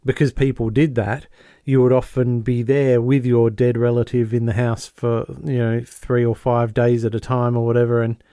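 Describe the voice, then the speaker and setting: A man, co-hosting a podcast and casually retelling a sitcom episode with lively impressions of the characters. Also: mid-range voice, moderate pace, hardly any pauses, clear, resonant tone, dry recording, studio quality. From Australia. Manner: animated storyteller, mimics the characters' lines. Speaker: podcast co-host.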